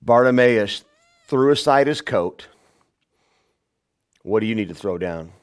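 A pastor preaching a sermon, shouting some lines and dropping to a hushed voice on others. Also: male voice, expressive, measured pace. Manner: dynamic preaching, swings from loud shouts to hushed low lines.

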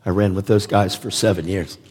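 A man's voice: deep voice, steady tone, a little fast, a little mellow. A man preaching a sermon in an emphatic, conversational way, repeating words for emphasis. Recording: long reverb of a large hall.

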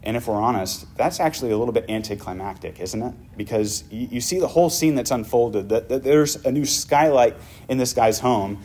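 A male pastor preaching a sermon, vividly retelling a story and dropping to hushed tones. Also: medium pitch, a little fast, few pauses, slight background noise.

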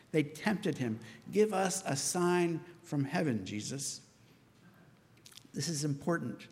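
A man preaching a sermon, telling the story with lively asides and acting out the disciples' voices. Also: medium pitch, in a large hall. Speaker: pastor.

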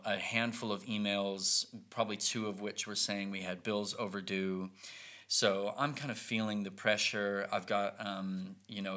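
Low, bright-voiced man telling a story. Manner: animated, acts out quoted lines. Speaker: podcast host telling a family story. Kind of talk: casual storytelling.

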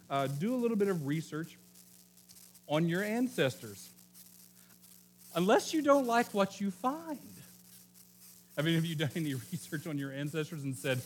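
Male pastor, middle-aged, from Oklahoma; chatty storytelling sermon, higher-pitched voice, light hum behind. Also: big pitch swings, moderate pace. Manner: conversational, joking storyteller with self-corrections.

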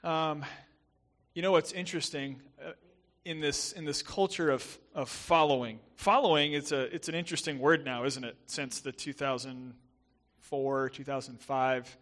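A young adult man with a softened Southern American accent, preaching as a guest pastor in a chatty, self-deprecating way with many fillers and restarts. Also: on the high side, fairly even intonation, moderate pace. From southern United States. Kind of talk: sermon.

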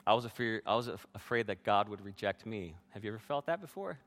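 Male pastor, low register. Earnest sermon delivery, addresses the congregation directly. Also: animated, quick pace, hardly any pauses, fairly bright tone. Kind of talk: sermon with personal testimony.

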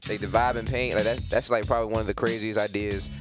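A male rapper guesting on a casual radio show, with a laid-back, repetitive way of talking. He speaks quickly in a fairly low voice. Music plays clearly in the background. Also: fairly even intonation. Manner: laid-back, repeats himself, says "you know" a lot.

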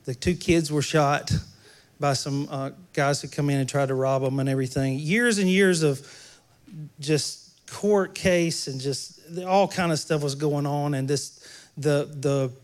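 Male pastor, fairly high voice, relaxed conversational sermon with jokes to the crowd. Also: measured pace.

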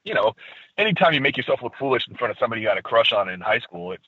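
Animated man telling stories over a tinny line. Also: mid-range voice, racing, noisy background. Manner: animated storyteller, acts out quotes. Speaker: podcast guest. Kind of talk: casual storytelling. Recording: tinny phone-line sound.

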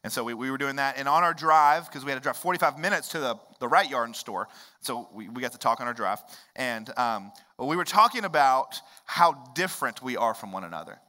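A man, preaching a sermon in a conversational way that swings up into loud, emphatic rises. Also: medium pitch, expressive, a little fast. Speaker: pastor.

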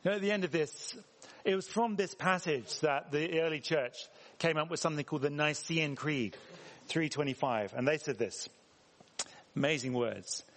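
A man's voice: a little high, normal speed, a bit bright, slight background noise. A man preaching a sermon in a church, talking conversationally and putting questions to the congregation. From England. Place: church hall. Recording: reverberant church hall.

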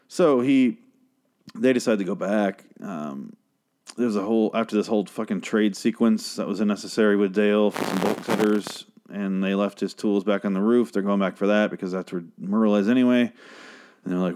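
Young male recapper, lowish voice, crude and ranting, loose casual delivery. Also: normal speed, a little mellow. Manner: rambling, crude, exasperated rants. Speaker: show recap podcaster. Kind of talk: casual profane episode recap.

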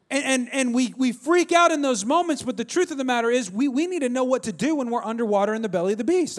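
A middle-aged pastor with a notably high voice delivers a sermon through a lively personal story. He talks in an animated, conversational way and keeps calling out to the congregation to draw them in. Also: fast talker, hardly any pauses.

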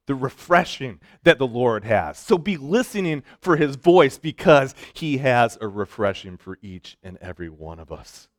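A man preaching a sermon to students, swinging between loud emphatic lines and soft hushed ones, with joking asides. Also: medium pitch, very animated, normal speed, hardly any pauses, dry recording, studio quality. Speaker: pastor speaking to students.

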